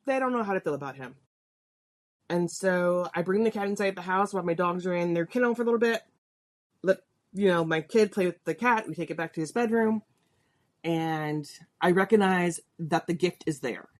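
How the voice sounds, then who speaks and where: A woman's voice: fairly low pitch, darkish tone. A middle-aged woman hosting a podcast, telling a personal story in a chatty, candid way. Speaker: podcast host.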